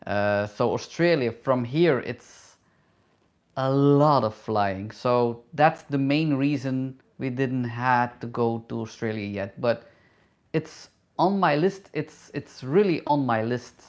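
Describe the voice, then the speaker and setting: A middle-aged man, a travel vlogger and hairdresser, reads viewer questions aloud in a live Q&A and answers in halting, non-native English with many fillers. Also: mid-range voice. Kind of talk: live Q&A, casual chat.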